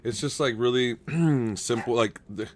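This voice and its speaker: A man chats casually on a live game stream, excitable and quick to swear as he talks with his viewers. His voice sits at a middle pitch. A faint hum of noise stays under his voice. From United States. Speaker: gaming streamer. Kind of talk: casual live-stream chat while playing.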